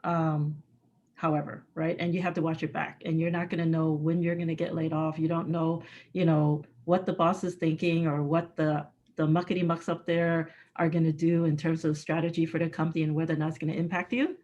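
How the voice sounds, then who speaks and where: A woman with a slightly low voice gives candid interview answers. She is blunt and emphatic, stresses her key words, and laughs often. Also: level tone, fairly quick, a little mellow, highs cut off. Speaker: guest speaker, executive.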